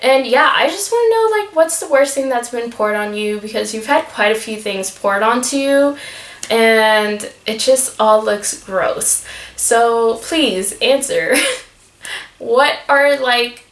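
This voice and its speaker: A young woman with a slightly high voice talks straight to camera in a casual fan vlog. She gushes with enthusiasm and leans on fillers like "so yeah". The room rings with noticeable echo. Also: expressive, slow, a bit bright. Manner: gushing, enthusiastic, frequent fillers and laughs. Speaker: YouTube vlogger asking a celebrity fan questions.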